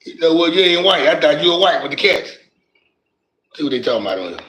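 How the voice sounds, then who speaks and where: A man's voice: fairly high pitch, sing-song, fast, a bit bright, a little hiss or hum, poor audio. A man hosting a casual livestream, joking and trash-talking viewers in the chat with heavy cursing. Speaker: livestream host.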